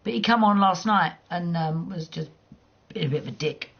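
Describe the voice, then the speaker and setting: A woman chats and teases her viewers while gaming, blunt and quick to swear. Her voice is husky and breathy, with a gravelly edge. The sound is dull and lo-fi, like a cheap stream mic. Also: lowish voice. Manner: blunt, teasing, swears freely, laughs often. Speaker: livestreamer. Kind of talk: casual chat while gaming.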